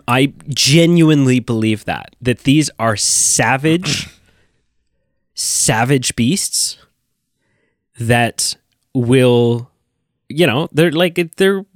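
Man, podcast co-host, enthusiastic, rambling, medium pitch, dry recording. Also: animated, drawn-out words, pauses often, dry recording. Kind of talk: casual chat.

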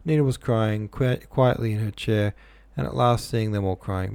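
Low gravelly man reading a novel aloud. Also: moderate pace, hardly any pauses, darkish tone, no echo. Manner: offhand, says "like" a lot. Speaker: reader.

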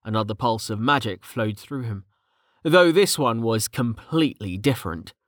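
An audiobook narrator reads a scripted story in a steady, even manner. His mid-range voice moves at a moderate pace, with a clean studio sound and no echo.

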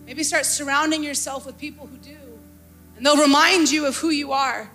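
High, bright-voiced woman preaching fervently. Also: steady tone, normal speed, soft background music. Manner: passionate, rising to fervent exclaiming. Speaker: pastor. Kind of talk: sermon.

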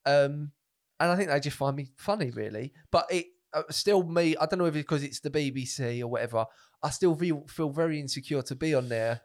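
A young man tells a story on a podcast in a relaxed, animated way. His voice sits fairly high, and he swears freely and acts out the other people in his stories. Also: fairly quick. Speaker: podcast co-host, comedian. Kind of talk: casual chat.

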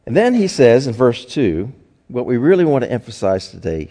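A man's voice: medium pitch, very animated, moderate pace, mellow. A man preaching a sermon in a folksy, conversational way, telling homespun stories. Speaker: pastor. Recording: long hall reverb.

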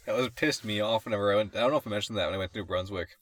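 A man's voice: lowish voice, racing, a bit bright. A young man co-hosting a casual podcast, complaining and swearing, laughing often as he tells his stories. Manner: laughs often while ranting, swears a lot. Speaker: podcast co-host. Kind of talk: casual chat.

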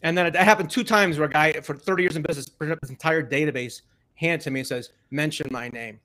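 A man hosting a casual interview, asking questions with many ums and pauses. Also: a little high, pushed and bright. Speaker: podcast host.

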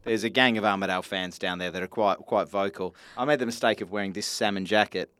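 A man's voice: fairly low pitch, fairly even intonation, quick pace, fairly bright tone. A man, co-hosting a casual sports podcast, talking in a blunt, chatty way and swearing freely. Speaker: podcast co-host.

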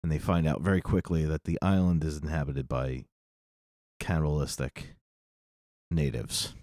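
A man's voice: rumbling low, normal speed, dry recording, clean studio sound. A man, a guest on a podcast, casually telling a joke with lots of laughter and acted-out voices. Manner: animated, laughing, acts out voices.

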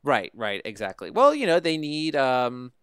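A man's voice: medium pitch, wildly swooping pitch, moderate pace, clean tone, dry recording, studio quality. A man hosting a podcast, recapping a TV episode in easy conversational chat and often checking in with "right?". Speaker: podcast host recapping a TV show. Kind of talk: casual review chat.

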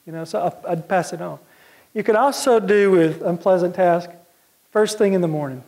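A man giving a plain-spoken, folksy talk of practical advice as a guest speaker, now and then clearing his throat. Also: high-pitched, a little fast, darkish tone.

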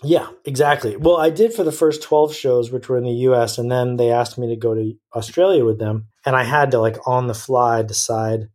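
This podcast guest's talk is casual interview chat: frank and rambling, full of restarts and self-corrections. His mid-range, slightly mellow voice moves at a normal speed with fairly even intonation and hardly any pauses.

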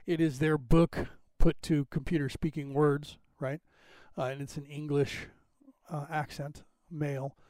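A man's voice: a little high, level tone, a little slow, a little mellow, no echo. A man in his fifties with a West Coast American accent, hosting a podcast livestream in a rambling, casual way while he sets up the screen. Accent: General American, West Coast. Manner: rambling, chatty, thinks aloud while fixing the screen. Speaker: podcast host.

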